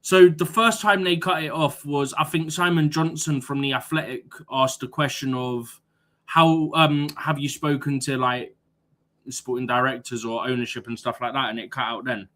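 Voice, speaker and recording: A man's voice: mid-range voice, fairly even intonation, normal speed, bright, forceful tone. A young man co-hosting a football live stream in casual chat, arguing his points emphatically with rhetorical questions.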